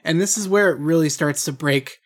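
A man's voice: fairly high pitch, a little fast. A man co-hosting a cartoon recap podcast, talking casually with many fillers and laughs. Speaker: podcast co-host. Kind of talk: casual chat.

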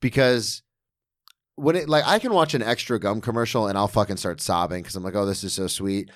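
A man's voice: fairly low pitch, a little fast, a bit bright, dry recording, studio quality. A man hosting a casual podcast, blunt and sarcastic, swearing often. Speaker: podcast host.

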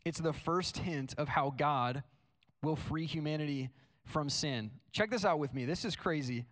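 A man's voice: on the high side, a little slow, fairly bright tone. A young man preaching a sermon in a casual, storytelling way, full of "like" fillers. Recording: long hall reverb.

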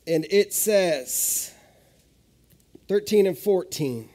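A man in his thirties preaching a sermon at a live church service, telling stories with sudden jumps in pitch and loudness. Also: drawn-out words. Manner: animated storytelling with sudden rises in pitch. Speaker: pastor.

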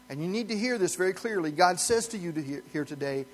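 A man's voice: high-pitched, expressive, quick pace, few pauses. A man pastor delivering a sermon in an earnest, emphatic preaching manner, chuckling lightly now and then.

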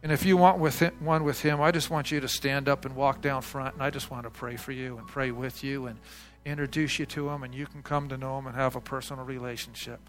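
A man's voice: medium pitch, fairly even intonation, fairly quick. A man leading a congregation in an earnest, repetitive closing prayer and altar call as their pastor. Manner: earnest, repetitive prayer with many "Lord Jesus" endings. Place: church sanctuary.

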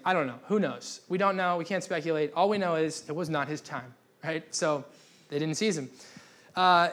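Guy preaching sunday church, jokey and loose, voice a bit on the high side. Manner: casual, joking, restarts often. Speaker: pastor. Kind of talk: sermon. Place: church gathering.

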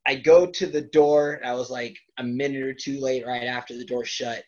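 A man's voice: medium pitch, fairly even intonation, normal speed, a little mellow. Profane self-deprecating male wrestler, dull audio. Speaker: professional wrestler. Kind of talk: casual storytelling interview.

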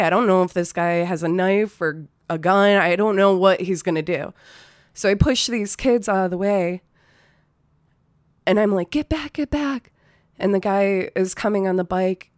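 A woman's voice: lowish voice, no room sound, studio quality. A woman telling a personal story from her restaurant job in a loose, profane, casual way, full of fillers like "you know" and "like". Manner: loose and profane, many fillers, nervous laughs. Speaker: storyteller, former restaurant server. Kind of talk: casual spoken anecdote.

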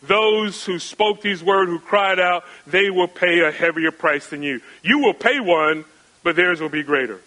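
In poor audio, a male pastor gives an expository sermon at a measured pace, his voice bright, forceful and fairly high. Rhetorical questions and emphatic repetition shape his message as he shifts between raised and hushed passages.

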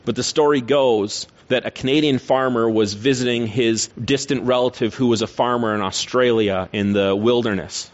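A man's voice: mid-range voice, fairly even intonation, moderate pace, hardly any pauses, muffled recording. Earnest male preacher asking rhetorical questions. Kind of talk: sermon.

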